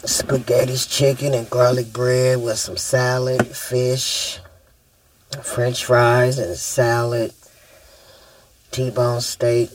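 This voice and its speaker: A mother chatting casually with her child, slow and relaxed, in a noisy field recording with clicks. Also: extremely low pitch. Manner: slow, relaxed, listing things.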